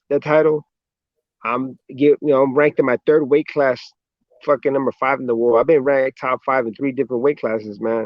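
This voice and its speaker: An American boxer tells his stories in a relaxed, easygoing way, swearing freely and ending lines with "man". His voice sits at a mid pitch and sounds close and dry. It comes through the dull, muffled sound of a video call. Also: dry recording. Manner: laid-back storyteller, swears a lot, says "man" often. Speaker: professional boxer, interview guest. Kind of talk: casual interview chat.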